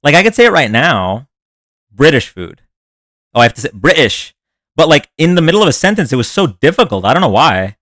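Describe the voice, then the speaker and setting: A man's voice: fairly high pitch, big pitch swings, fast, a bit bright, no room sound. A man hosting a live stream in a casual, rambling way, chatting with viewers and reacting to their comments. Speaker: livestream host. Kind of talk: casual livestream chat.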